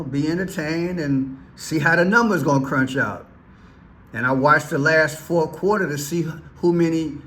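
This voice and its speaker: A man's voice: a little high, a bit bright, slight background noise. A man giving casual, teasing commentary on news clips, with playful asides. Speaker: commentary vlogger.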